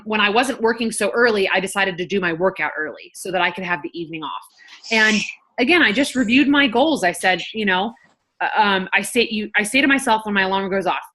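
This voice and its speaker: Bright-voiced chatty nurse woman. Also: mid-range voice, fairly quick. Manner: chatty, frank, swears casually. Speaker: nurse and health coach. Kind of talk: casual talk to camera.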